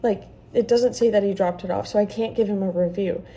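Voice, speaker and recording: A woman's voice: mid-range voice, steady tone, fairly quick, dark tone. A woman retelling a frightening experience in a casual storytime vlog, heated and full of swearing.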